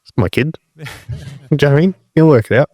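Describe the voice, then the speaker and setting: A man's voice: on the high side, fast, a little mellow, dull audio. A man co-hosting a podcast, chatting in a playful, laid-back way. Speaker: podcast co-host. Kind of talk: casual podcast chat.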